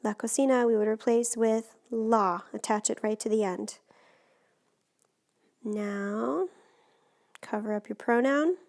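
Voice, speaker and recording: A woman's voice: a little high, takes it slowly, pauses often, a little mellow. A woman teacher explaining Spanish grammar step by step in a patient, recorded lesson.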